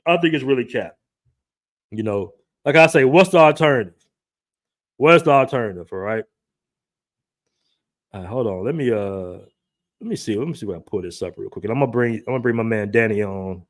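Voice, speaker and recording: A man hosting a livestream and reacting in loose, animated commentary, often repeating himself. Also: fairly low pitch, normal speed, pauses often. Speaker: livestream host.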